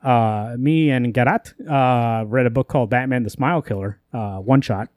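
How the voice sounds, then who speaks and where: A man's voice: mid-range voice, darkish tone, no room sound, studio quality. A man co-hosting a podcast, retelling a comic story in loose casual chat and swearing offhandedly. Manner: rambling, quotes characters in quick asides, curses casually. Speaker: podcast co-host.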